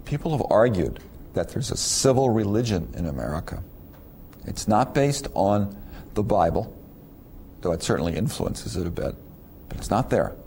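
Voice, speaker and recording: A man's voice: lowish voice, very animated, normal speed, pauses often, mellow, a little hiss or hum. A middle-aged man giving a conversational university lecture, asking rhetorical questions and stumbling over repeated words. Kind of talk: recorded lecture to students.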